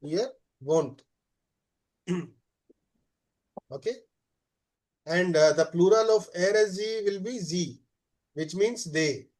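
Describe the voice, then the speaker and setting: A man teaches a live beginner class. His voice sits fairly high, and he pauses on "uh" a lot. He checks in with his students by saying "okay?" again and again. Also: a little mellow. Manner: explains slowly, checks with frequent "okay?"; many "uh" fillers. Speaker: German teacher.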